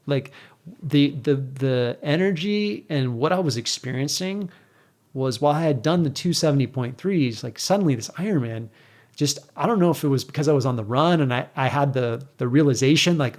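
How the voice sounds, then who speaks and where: A middle-aged man with a mid-range voice tells a story as a guest on an interview show, casual and animated, acting out the exchanges he quotes.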